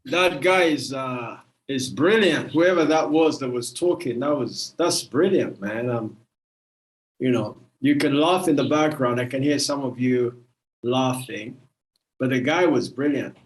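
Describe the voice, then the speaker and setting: A man hosting an online program, addressing viewers in a casual, chatty way and often trailing off softly. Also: mid-range voice, a little slow, rough recording.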